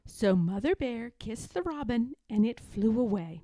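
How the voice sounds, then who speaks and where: A woman reading a children's picture book aloud in a slow, expressive, sing-song way. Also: a little high, no room sound. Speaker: storybook reader.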